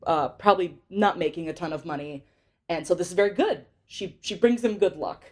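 With a fairly low pitch, a darkish tone, and a slightly fast pace, a young woman recaps a film on her podcast. Her talk is casual and meandering, full of fillers and giggles.

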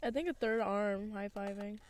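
A woman chatting casually with a friend in a parked car, blunt and teasing in a flat, offhand way. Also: medium pitch, moderate pace. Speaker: podcast co-host.

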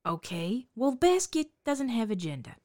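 A woman's voice: on the high side, very animated, normal speed, a little mellow, no room sound, studio quality. A woman playing a brash, profane basket seller in an improvised comedy sketch, talking with sarcastic dismissiveness. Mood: snarky. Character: brash foul-mouthed woman hawking hair baskets.

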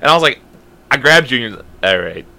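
Fast, bright-voiced man telling a story. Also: mid-range voice. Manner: animated, profane, acts out quotes. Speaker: podcast co-host. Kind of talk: casual chat, storytelling.

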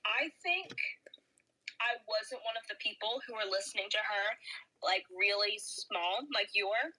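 A woman's voice: mid-range voice, moderate pace, breathy edge, poor audio. A young woman co-hosting a podcast in casual chat, rambling with many fillers while snacking. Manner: relaxed, rambling, lots of fillers. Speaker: podcast co-host.

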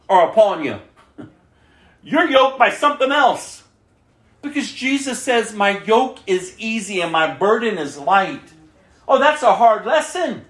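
A woman preaching a sermon, emphatic, acting out the prayers she quotes. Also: medium pitch. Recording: roomy echo.

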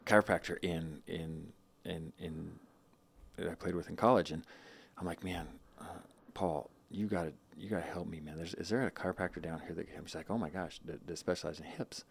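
A man's voice: sits low, a little fast, vocal fry, slightly rough. A man in his thirties telling a personal story in a casual interview, rambling with many restarts and quoted asides. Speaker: guest.

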